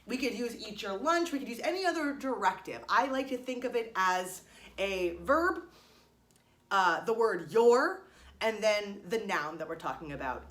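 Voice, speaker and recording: Bright, lively woman teaching kids music. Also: medium pitch. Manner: lively, encouraging, explains step by step. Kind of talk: online music lesson for kids.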